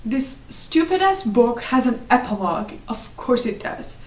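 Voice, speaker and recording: A woman's voice: a little high, sing-song, unhurried, a little mellow. Exasperated woman ranting in an echoey room. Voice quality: exasperated, sarcastic. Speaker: book reviewer. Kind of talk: ranting book review.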